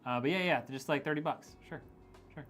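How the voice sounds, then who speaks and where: A man hosts a casual PC-building livestream, reading chat messages aloud into his microphone. His voice sits a little higher than most men's, and he teases his viewers in a loose, joking way, laughing often. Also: brisk, a bit bright, faint music behind. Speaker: streamer building PCs.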